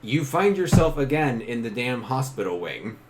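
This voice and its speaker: A man's voice: medium pitch, big pitch swings, moderate pace, slight background noise. A man narrating as game master in a casual tabletop session, laughing often and briefly acting out characters.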